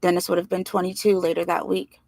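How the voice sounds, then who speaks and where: A woman reading a novel aloud in plain, steady first-person narration. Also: lowish voice, fast talker, gravelly, no room sound. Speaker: reader.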